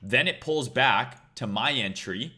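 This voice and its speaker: A man's voice: medium pitch, animated, takes it slowly, sharp tone. A man hosting a trading livestream, talking casually in a blunt, profane, rambling way.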